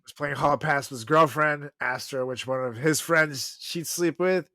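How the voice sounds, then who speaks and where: A man's voice: fairly high pitch, measured pace, bright, forceful tone, no room sound, studio quality. A man co-hosting a podcast, chatting casually and crudely, laughing often and rambling with fillers. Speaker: podcast co-host. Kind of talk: casual comedic chat.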